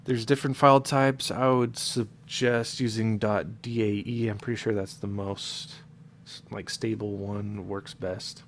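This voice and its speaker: In a casual screen-recorded modding tutorial, a man with a stuffy, congested nose speaks in a fairly low, flat, unhurried voice. His explanations are loose, full of fillers and self-corrections, against slight background noise.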